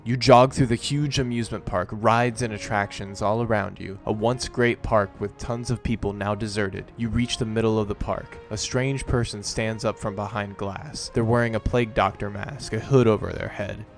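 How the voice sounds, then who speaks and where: A man narrating as the game master of a tabletop role-play game, setting scenes in a measured, dramatic way. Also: fairly low pitch, steady tone, gravelly, faint music behind.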